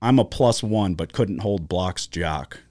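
Profane, animated man chatting on a podcast. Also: sits low, unhurried, no room sound. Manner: profane, animated storytelling with quoted voices. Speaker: podcast co-host. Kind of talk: casual chat. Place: studio.

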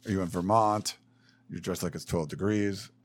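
A man's voice: sits low, steady tone, moderate pace, slightly rough. A man co-hosting a sports podcast, reading listener messages aloud and chatting casually. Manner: reads listener messages aloud, brief agreeing replies.

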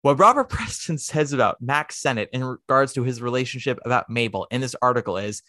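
A podcast host in casual chat, talking in an animated, opinionated way with quick asides. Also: medium pitch, dry recording, clean studio sound.

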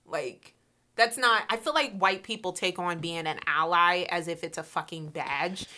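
A woman's voice: fairly low pitch, normal speed, sharp tone. An American woman in a casual chat, blunt and outspoken, swearing freely. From United States.

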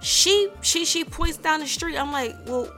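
A woman telling a personal story in a casual vlog, animated and profane, acting out the other people in it. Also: high-pitched, unhurried, music in the background. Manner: animated, profane, acts out voices in her story.

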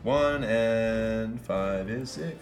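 A man playing in a tabletop role-playing game, talking slowly and jumping from mutters to loud yells. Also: fairly low pitch, reverberant, soft background music. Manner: slow, swooping delivery that jumps to loud yells. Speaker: player. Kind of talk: casual tabletop game play.

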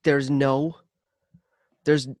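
A man's voice: medium pitch, little pitch movement, extremely slow, darkish tone, no room sound, dull audio. Laid-back podcast co-host man, dry sound. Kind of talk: casual sports podcast chat.

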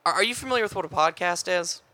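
Bright-voiced, deadpan podcast man. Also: sits high, quick pace, dry recording. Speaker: podcast co-host. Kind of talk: improvised comedy bit.

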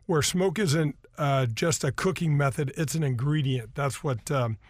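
A man hosts a golf radio show from a studio, chatting casually and ramblingly with plenty of fillers and reading sponsor spots live. His voice is a little high and his pace moderate, picked up on a studio microphone with no echo.

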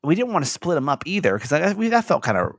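A man's voice: on the high side, very animated, quick pace, no echo, clean studio sound. A man hosting a podcast, telling a rambling, emotional story in casual chat. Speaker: podcast host.

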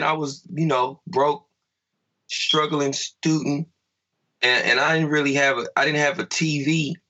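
A man co-hosting a podcast in casual chat, telling a profane story with animated quoted lines. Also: mid-range voice, muffled recording. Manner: profane, animated storyteller, quoting himself loudly. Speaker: podcast co-host.

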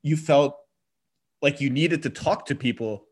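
A middle-aged man hosting a podcast, talking in a reflective, halting way with frequent restarts. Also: a little high, husky. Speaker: podcast host. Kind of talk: casual conversation.

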